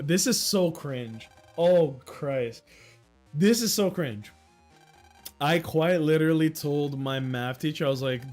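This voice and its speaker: A man in his thirties chats on a livestream, rambling along and poking fun at himself. His voice sits a little high for a man, and he laughs often. Faint music plays quietly underneath. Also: moderate pace. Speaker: livestream host. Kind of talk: casual livestream chat.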